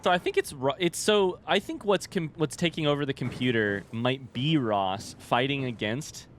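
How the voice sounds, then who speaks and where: A man's voice: medium pitch, lively intonation, normal speed, a little hiss or hum. A man giving casual, unscripted commentary on a horror video game he is playing for the first time, rambling, jokey and swearing. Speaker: let's-play gamer.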